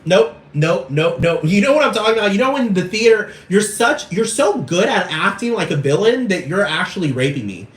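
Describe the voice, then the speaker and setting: A man's voice: high voice, lively intonation, brisk, few pauses. A man ranting in a rambling, repetitive and profane casual monologue. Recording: echoey room, far from mic, faint noise.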